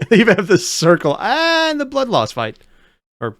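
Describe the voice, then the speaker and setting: Sarcastic reactor, lively pitch. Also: normal speed, no echo, studio quality. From United States. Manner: sarcastic, jokey, swings between loud outbursts and mutters. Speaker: video reactor. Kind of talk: casual reaction commentary.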